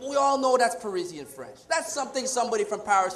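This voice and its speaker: A man from Montreal doing a loud, punchy stand-up routine, switching between shouts and mutters. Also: very high voice, fast, hardly any pauses. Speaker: stand-up comedian. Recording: echoey hall.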